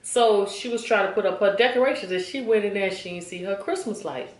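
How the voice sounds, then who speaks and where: A woman in her forties telling a story to her viewers in a chatty, animated way, often checking in with them. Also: medium pitch, fast talker, reverberant. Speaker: vlogger. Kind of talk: casual storytime.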